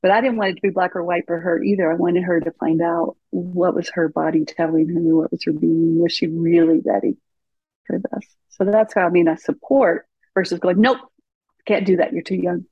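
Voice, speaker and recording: A woman, a parent coach and therapist, talking in a lively way as a podcast guest and acting out dialogue from her own stories. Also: fairly low pitch, normal speed, husky, no echo. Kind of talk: conversational podcast storytelling. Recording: slightly dull, muffled audio.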